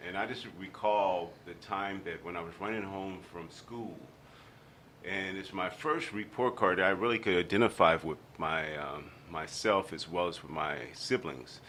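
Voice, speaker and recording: A man's voice: deep voice, a little hiss or hum. A man being interviewed on a radio show, telling personal stories and acting out the people in them. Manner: animated storyteller, acts out quotes. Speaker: guest.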